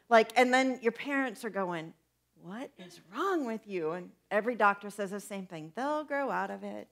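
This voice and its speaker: A young woman pastor preaching a conversational sermon, asking her listeners questions as she goes. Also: on the high side. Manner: conversational, animated, asks the congregation questions.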